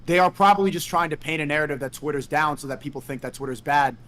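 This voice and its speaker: A man with a somewhat raised voice argues quickly and insistently in a casual heated debate. He pushes back defensively and repeats his points without giving ground. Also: on the high side, fairly bright tone.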